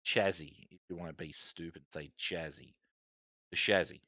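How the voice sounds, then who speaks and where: A man's voice: low-pitched, steady tone, fast, sharp tone, dry recording, dull audio. An Australian man in his forties, chatting casually on a live stream, rambling with lots of fillers and restarts.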